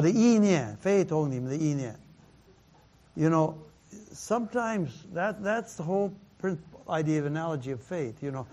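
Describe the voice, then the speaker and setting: Slow-talking pastor, halting and repetitive. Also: male voice, a little high, darkish tone. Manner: halting, repeats words, laughs often, mixes in Mandarin phrases. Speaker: pastor teaching a Bible class. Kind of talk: sermon-style Bible teaching.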